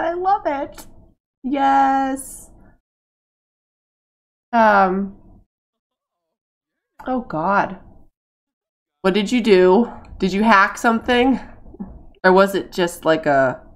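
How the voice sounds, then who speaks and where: A woman from Massachusetts chatting casually while streaming a game, going high and excited over her game cats. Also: slow pace, long pauses.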